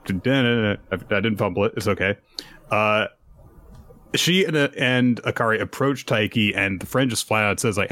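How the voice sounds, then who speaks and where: A man co-hosting a podcast, chatting casually and recapping chapters, animated and acting out quoted lines. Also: lowish voice, normal speed. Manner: animated storyteller who acts out quotes. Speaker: podcast co-host.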